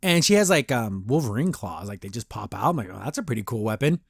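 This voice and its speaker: A man's voice: medium pitch, big pitch swings, fast talker, vocal fry, husky, dry recording, studio quality. A man hosting a podcast, giving a casual, rambling review of a cartoon episode, acting out the characters' lines and laughing often. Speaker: podcast host.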